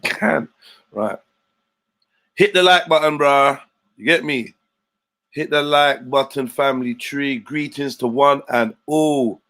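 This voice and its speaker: A man runs a casual livestream in thick street slang. He greets his viewers by name and keeps the talk loose and chatty in a middle-pitched voice. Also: slow, pauses often, a bit bright. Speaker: livestream host.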